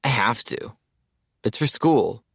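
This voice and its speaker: A man voicing a lovestruck young man who dreamily recites Shakespeare in a slow, theatrical way. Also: medium pitch, animated, vocal fry, fairly bright tone, husky, no echo, clean studio sound, full character voice. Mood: teasing.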